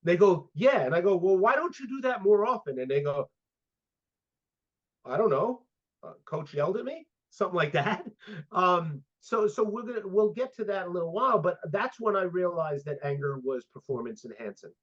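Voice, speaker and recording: Dull, lo-fi audio captures a high-pitched man in his fifties talking at an ordinary speed. A sport psychologist on as a guest, he tells stories in an easygoing interview and animatedly acts out what was said.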